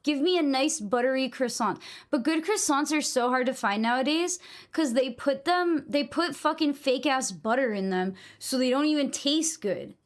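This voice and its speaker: A young woman from New England chatting casually with her live stream audience, blunt and given to swearing. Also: sits high.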